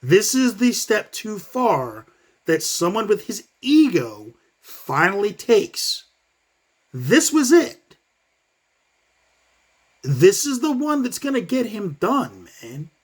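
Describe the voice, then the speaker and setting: A man giving a casual, profane commentary rant as a vlogger, talking in fast bursts. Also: sits high, slightly rough. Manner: profane, animated, fast bursts, acts out quotes.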